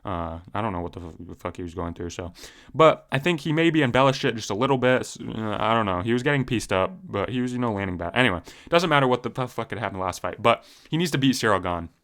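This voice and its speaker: A man's voice: fairly low pitch, lively intonation, fast, a bit bright. A young man giving profane, heated, casual commentary on fighters, full of slang and fillers. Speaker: MMA commentary YouTuber.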